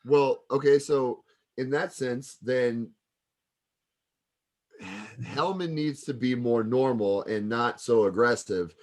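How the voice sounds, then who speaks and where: A man's voice: mid-range voice, takes it slowly, long pauses. A man coaching wrestling students, giving rambling casual feedback full of fillers. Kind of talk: casual critique.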